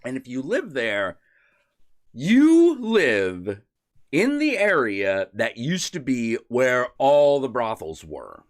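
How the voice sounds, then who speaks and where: Wildly animated swearing male host. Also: medium pitch, slow pace. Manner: swears constantly, rambling with restarts. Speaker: streamer host. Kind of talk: casual profane chat.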